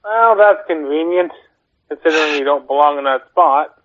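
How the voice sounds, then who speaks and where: A man's voice: on the high side, moderate pace, dry recording, muffled recording. A man co-hosting a podcast, chipping in with dry, sarcastic one-liners in casual chat. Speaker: podcast co-host.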